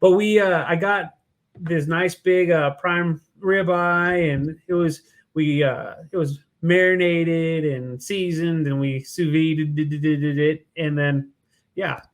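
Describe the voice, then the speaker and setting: A man's voice: fairly high pitch, steady tone. A man, co-hosting a podcast as a chef, easygoing and chuckling in casual chat. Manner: easygoing, chuckling, halting with fillers.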